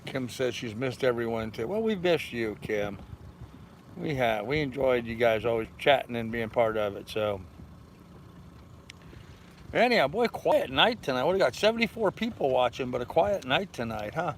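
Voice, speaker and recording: An older man hosting a relaxed livestream from his sailboat in a harbor, rambling easily and reading viewer comments aloud. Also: medium pitch, moderate pace, slight background noise, rough recording. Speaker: vlog host. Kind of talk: casual livestream chat.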